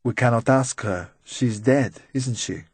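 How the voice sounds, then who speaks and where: A man's voice: medium pitch, measured pace, husky, dry recording. A man reading a formal, hesitant woman who speaks stiffly and without contractions.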